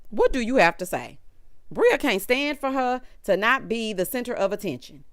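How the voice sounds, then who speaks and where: A woman's voice: on the high side, big pitch swings, moderate pace, no echo, studio quality. A woman recapping a reality TV episode in casual, sassy commentary, talking straight to her viewers.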